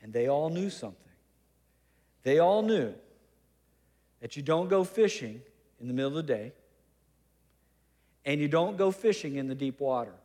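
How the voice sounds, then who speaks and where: A man's voice: on the high side, big-room sound. A man preaching a sermon as pastor, conversational and humorous, with teasing asides.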